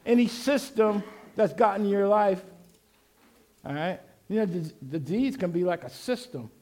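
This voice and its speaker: A pastor preaching, leading the congregation in call and response and shouting out his refrains. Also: high-pitched. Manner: exhorting, shouting refrains, laughing asides.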